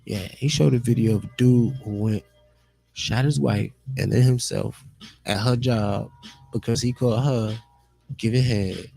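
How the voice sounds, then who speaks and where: Male streamer, gravelly voice, loose profane chat, dry close sound. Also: mid-range voice, steady tone, a little slow, mellow, no room sound, soft background music. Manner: loose, profane, talks to himself and viewers. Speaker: live streamer. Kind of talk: casual rambling monologue.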